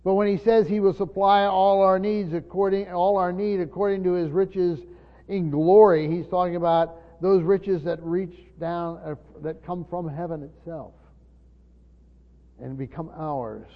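A man's voice: sits high, fairly even intonation, measured pace. A man preaching a sermon in an earnest teaching tone, speaking straight to his congregation. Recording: dull lo-fi sound with long reverb of a large hall.

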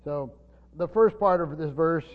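A man teaches from Scripture in a halting, unscripted way, repeating words and leaning on fillers. His voice sits a little high for a man. The recording is dull and lo-fi, with a long reverb from a church hall. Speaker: preacher.

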